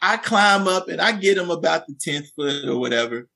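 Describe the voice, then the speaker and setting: A man with a bright, forceful voice, pitched a little high for a man, spinning a classroom anecdote with lively energy. He is a teacher and podcast guest who acts out the voices in his story. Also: moderate pace, gravelly. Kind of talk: animated storytelling in conversation.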